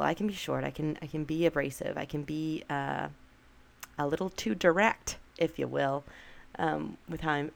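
A woman's voice: low-pitched, creaky. A young adult woman hosting a podcast alone, chatting casually and poking fun at herself, with many "like"s and "um"s. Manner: chatty, self-deprecating, many fillers like "like" and "um". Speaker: podcast host. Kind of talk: casual solo podcast chat.

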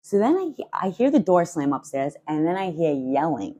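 Woman podcast host, low husky voice, profane sarcastic rant. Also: moderate pace. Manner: fiery, sarcastic, swears constantly; animated, leaps up in pitch for emphasis.

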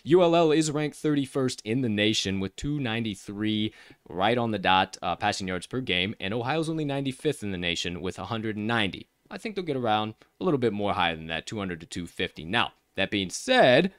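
A man hosting a casual sports betting show, hyping his picks, swearing freely, and swinging loud and soft. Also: animated, fairly quick, clean tone, no room sound, studio quality. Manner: hype-filled, swearing, big swings in pitch and volume.

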